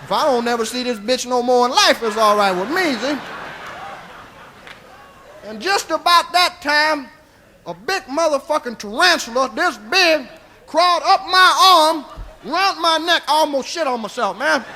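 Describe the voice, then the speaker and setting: A male stand-up comedian telling a profane, rambling tall tale, tagging lines with "see?", going quiet for quoted lines and shouting at the peaks. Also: extremely high pitch, lively intonation, moderate pace, background noise. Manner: drops to a hushed voice for quoted lines, rises to shouting at the climax. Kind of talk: stand-up storytelling. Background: audience laughter.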